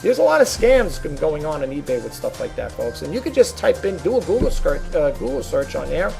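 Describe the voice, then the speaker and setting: A middle-aged man talks casually to his viewers in a rambling way, dotting his talk with fillers and calling them folks. His voice sits a little high and is heavily gravelly with fry throughout. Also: sing-song, brisk, darkish tone, soft background music. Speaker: vlogger and eBay reseller.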